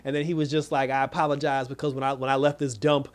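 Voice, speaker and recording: A man giving a casual, animated episode recap as a reviewer, rambling with restarts and quoted asides. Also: medium pitch, fast talker.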